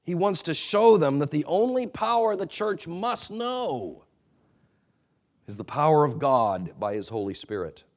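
A male pastor delivering a sermon in an earnest, admonishing way, swinging between emphatic peaks and quiet low asides. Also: very animated, measured pace.

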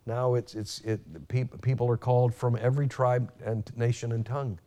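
A man preaching a sermon, emphatic, rising sharply when quoting and dropping low and quiet at key points, with frequent restarts. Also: fairly even intonation, normal speed. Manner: frequent restarts and fillers while teaching.

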